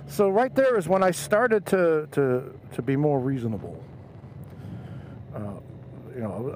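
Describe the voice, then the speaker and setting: A man's voice: mid-range voice, poor audio. A middle-aged man motovlogging, casually telling a story from his youth and acting out the voices of the people in it. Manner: animated storyteller, acts out quoted voices. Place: outdoors on a motorcycle. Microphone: helmet headset mic. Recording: road and traffic noise behind.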